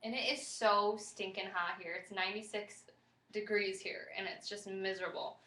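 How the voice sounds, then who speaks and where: A woman's voice: mid-range voice, fairly even intonation, moderate pace, sharp tone. A woman vlogging a casual pregnancy update, rambling and chatty with lots of fillers, tired and a bit flustered.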